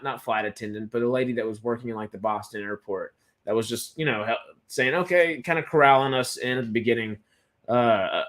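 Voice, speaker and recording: A man's voice: mid-range voice, a bit bright. Rambling young man chatting. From Texas. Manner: rambling, stammering restarts, enthusiastic. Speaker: film news co-host. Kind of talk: casual live-stream chat.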